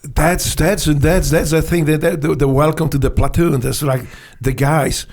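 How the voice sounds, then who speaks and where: Gravelly older man with a Polish accent. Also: a little high, steady tone, darkish tone. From Poland. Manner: halting, many restarts, non-native phrasing. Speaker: guest. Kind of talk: casual interview chat.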